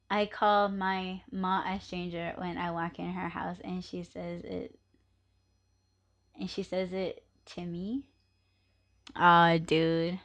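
A woman hosts her own podcast in a loose, unhurried chat, her voice bright and ringing. She drifts into profane rants and laughs easily. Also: fairly low pitch. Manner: ranting, profane, laughs often. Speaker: podcast host. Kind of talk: casual live podcast chat.

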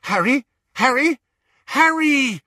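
A man's voice: on the high side, huge pitch swings, normal speed, fairly bright tone, breathy edge, dry recording, studio quality, pitched above the performer's own voice, exaggerated voice. A man voicing an anxious, bossy teenage witch girl who talks in a breathless, urgent way. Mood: alarmed.

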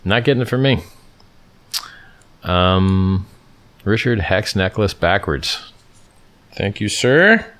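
Deep-voiced emphatic man from California. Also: sing-song, slow, long pauses, a bit bright. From Stockton, California, USA. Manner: emphatic, repeats phrases and restarts often. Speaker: livestream host answering viewer questions. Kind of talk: casual livestream chat.

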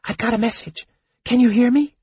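A man voicing a small, excitable male kender who talks in a high, breathless, stammering way, in a storybook reading. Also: fairly quick, breathy edge, no room sound, heavily acted. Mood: urgent whisper. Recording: dull lo-fi dry recording.

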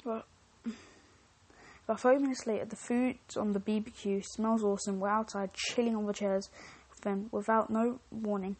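A woman's voice: medium pitch, fairly even intonation, moderate pace, darkish tone, slightly rough. A woman podcast host reading online stories aloud, with chatty, joking asides and frequent self-interruptions.

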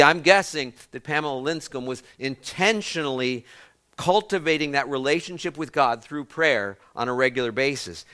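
A man's voice: mid-range voice, fairly bright tone. A man, a pastor, preaching a sermon to a congregation. He tells stories, restarts words mid-phrase, and puts questions to the listeners.

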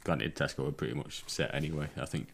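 A man's voice: very deep voice, fast, vocal fry, a bit bright, slight background noise. A man on his first podcast as a guest, making dry, wry remarks. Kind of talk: casual podcast chat.

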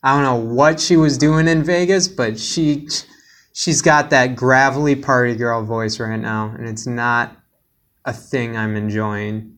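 A man's voice: medium pitch, fairly even intonation, unhurried, a bit bright. Joking man hosting a podcast. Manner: joking, playful storytelling. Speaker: podcast host. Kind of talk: casual podcast chat.

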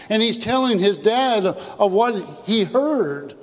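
Man preaching, emphatic, repeats himself, high voice, long church reverb. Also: lively intonation, slow, hardly any pauses. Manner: emphatic, repeats phrases, drops low and soft on key words. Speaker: pastor. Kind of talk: sermon.

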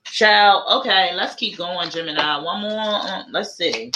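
A woman's voice: fairly low pitch, animated, moderate pace, very noisy. A woman giving a casual live tarot reading, chatty and repetitive, thinking aloud as she draws each card. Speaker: tarot reader.

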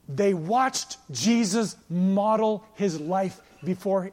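A male pastor preaching a sermon with passion, moving between loud emphatic lines and quiet storytelling. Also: sits high, measured pace, few pauses. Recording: long hall reverb.

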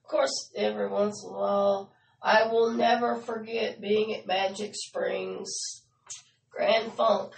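Gravelly woman, echoey and off-mic. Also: mid-range voice, little pitch movement, slow pace, distant mic. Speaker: radio show co-host. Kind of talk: casual on-air chat.

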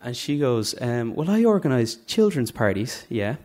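A man's voice: mid-range voice, sing-song, moderate pace, a little mellow. A man from Dublin with a Dublin Irish accent, telling a funny, self-mocking story live onstage and acting out the voices. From Dublin, Ireland. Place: stage at a live story night.

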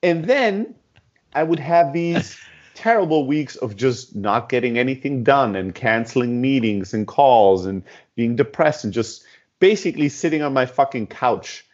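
Man, startup CEO, animated storytelling, swears a lot, mid-pitched voice, slightly dull lo-fi audio. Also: unhurried. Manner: animated, profane, acts out dialogue. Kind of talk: storytelling in a podcast interview.

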